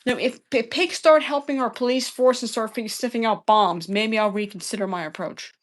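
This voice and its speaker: A fairly high-pitched woman speaks at a moderate pace as she argues with a live chat. Exasperated and combative, this livestream debater swears often and keeps repeating her phrases in the heated exchange.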